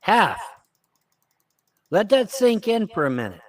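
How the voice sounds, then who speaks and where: A man's voice: sits high, sing-song, slow, no echo. A man hosting a show, ranting angrily and mockingly with constant swearing. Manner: angry, cursing, mocking. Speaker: host. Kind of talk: profane political rant.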